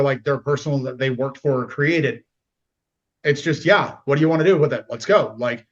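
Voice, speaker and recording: Animated man acting out quoted voices. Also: fairly high pitch, muffled recording. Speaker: podcast guest. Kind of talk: casual conversation.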